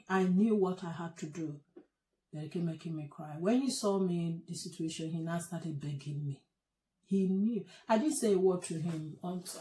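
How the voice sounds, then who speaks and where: A middle-aged woman recounts a painful personal story in a halting, emotional way, her voice often sinking soft and low. She speaks in a fairly low register. The room around her rings with echo. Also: slight background noise. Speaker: host telling her own story. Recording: echoey room.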